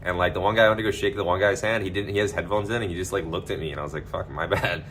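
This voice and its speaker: A man with a very low voice rambles through a casual livestream chat, loose and profane, full of likes and you knows. A faint hum of noise sits under his voice. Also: steady tone, rapid-fire, a bit bright.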